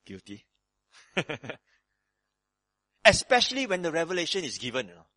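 A man preaching a sermon on a Bible passage, animated and dramatic, moving between loud emphasis and hushed tones, with casual asides to his listeners. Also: on the high side, moderate pace, no room sound. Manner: conversational asides with frequent "you know" and "right".

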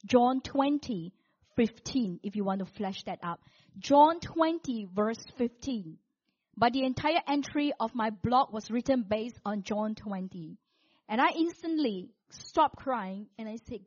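A woman preaching a sermon, telling a personal story in an animated way and acting out what people said, with big swings between loud and soft. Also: on the high side, unhurried, lo-fi sound.

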